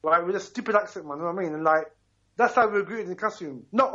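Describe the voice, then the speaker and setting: A man in his fifties from Ghana phones into a talk show, making his points with emphatic passion and a fairly high voice. He keeps checking in with his listener as he talks. The sound is muffled and narrow, as if coming over a telephone line. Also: rapid-fire, bright, forceful tone. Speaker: caller. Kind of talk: call-in radio talk.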